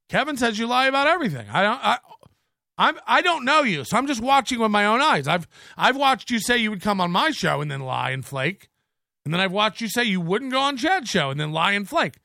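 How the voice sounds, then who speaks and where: A man's voice: high voice, vocal fry, bright, forceful tone, no room sound, studio quality. A man hosting a livestream, ranting angrily with mocking, profane jabs. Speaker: livestream host.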